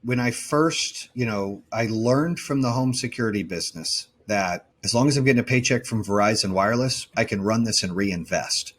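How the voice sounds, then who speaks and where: A man's voice: fairly low pitch, normal speed, hardly any pauses, a bit bright, slightly rough. A man being interviewed as a company founder, telling his story in a blunt, emphatic way and often correcting himself mid-sentence.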